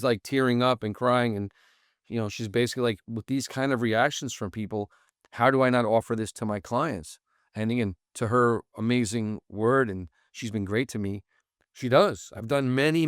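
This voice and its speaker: A man's voice: mid-range voice, normal speed, no room sound, clean studio sound. A man, a podcast guest telling a long story casually, full of fillers and restarts. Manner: rambling, many fillers and restarts. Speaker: interview guest, founder.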